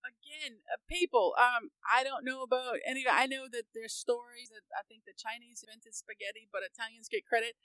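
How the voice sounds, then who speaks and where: A woman's voice: fairly high pitch, brisk, few pauses, fairly bright tone, smooth, dry recording, poor audio. An American woman co-hosting a podcast, ranting emphatically in casual opinionated chat and laughing often. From United States. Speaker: podcast co-host.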